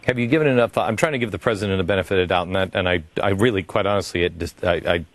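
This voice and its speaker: A man's voice: deep voice, rapid-fire, no echo. A man hosting a radio interview, talking earnestly with many halts and restarts. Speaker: radio talk host.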